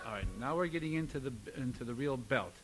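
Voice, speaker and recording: A man teaching a singing lesson, coaching a student with lively encouragement and sung demonstrations. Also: mid-range voice, quick pace, soft background music, rough recording.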